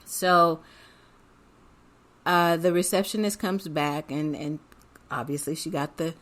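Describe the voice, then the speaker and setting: A woman's voice: deep voice, flat delivery, takes it slowly. A woman hosting a podcast, telling a personal story in a chatty way and often laughing as she talks. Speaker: podcast host.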